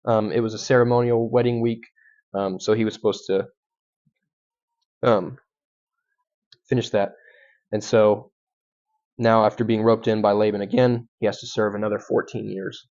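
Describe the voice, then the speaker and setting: A man's voice: lowish voice, little pitch movement, moderate pace, long pauses, a little mellow. A young adult man, a guest speaker, teaching through a Bible passage in a conversational way, with frequent ums and restarts. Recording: dull lo-fi sound.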